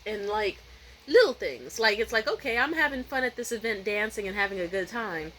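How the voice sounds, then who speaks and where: A young woman vlogging at home at night, telling a story in a profane, animated rant and mimicking other people's voices. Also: medium pitch, a little fast, slight background noise, low-quality recording. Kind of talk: casual vlog rant.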